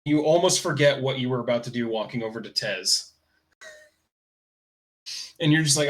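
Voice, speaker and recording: A man's voice: medium pitch, moderate pace, pauses often. A man narrating a tabletop game as game master, in a casual, loose style with fillers like "kinda" and "uh".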